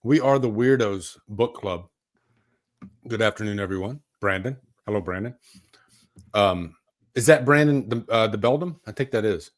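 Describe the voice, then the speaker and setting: A man's voice: fairly low pitch, moderate pace. Laid-back man hosting a live stream. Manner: laughs often, chatty and loose. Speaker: podcast host. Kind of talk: casual live-stream chat.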